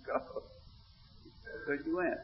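A man preaching a sermon, telling a story with quoted dialogue, then rising into emphatic preaching. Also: slight background noise. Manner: animated, retells dialogue in a low voice, rises when preaching. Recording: muffled recording in an echoey hall.

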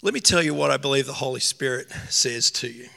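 A man preaching a sermon in an earnest, emotional way, slowing down to stress key phrases. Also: medium pitch, gravelly, pushed and bright. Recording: long reverb of a hall.

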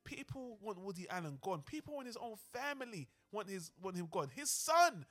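A man co-hosting a casual podcast discussion, animated and heated, swearing freely. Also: high-pitched, a little fast. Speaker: podcast co-host.

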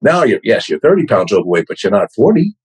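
A man's voice: on the low side, very animated, fast talker, husky, poor audio. A man in his sixties with a New York accent, a podcast guest telling wry, self-deprecating stories. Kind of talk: casual interview chat.

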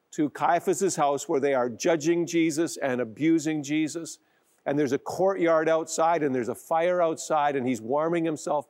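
A man's voice: on the high side, darkish tone. A man preaching as a pastor, retelling a story and acting out the quoted lines. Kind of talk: sermon.

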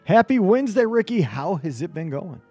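Energetic man hosting a podcast. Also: sits high, moderate pace, husky, faint music behind. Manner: energetic, enthusiastic. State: voice slightly hoarse from cheering. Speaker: podcast host. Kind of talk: upbeat podcast chat.

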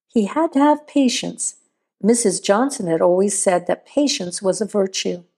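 A woman reading a scripted horror story aloud in a measured, steady storytelling voice. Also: medium pitch, husky. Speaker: narrator.

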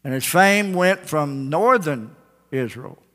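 Pastor, male, slightly high voice, emphatic folksy preaching; echoey sanctuary. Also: expressive, takes it slowly, a bit bright. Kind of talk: sermon. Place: church sanctuary. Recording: echoey church hall.

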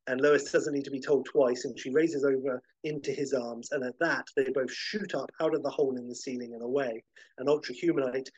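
A man hosting a podcast, narrating a film pitch vividly, with occasional fillers. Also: steady tone, fairly quick, darkish tone, husky, dry recording, dull audio. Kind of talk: animated story pitch.

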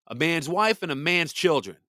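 A man's voice: on the high side, expressive, moderate pace, sharp tone, dry recording. A man hosting a podcast, ranting in blunt, profane, heated commentary. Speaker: podcast host. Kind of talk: angry commentary.

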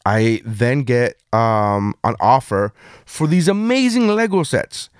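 A man's voice: medium pitch, slow, smooth, no echo. A man telling a long story in casual chat, swearing constantly and voicing the people in it. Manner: profane animated storytelling.

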